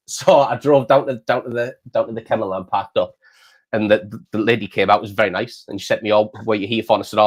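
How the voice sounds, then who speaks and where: Casting: man in his thirties, lowish voice, rambling casual storyteller. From England. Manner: rambling, repeats words, says "mate" often. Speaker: channel host.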